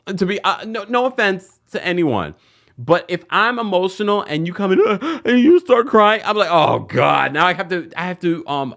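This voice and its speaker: A man's voice: a little high, fairly bright tone. A man hosting a casual reality TV recap, chatty and gossipy, with playful asides. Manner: acts out the cast's lines in put-on voices.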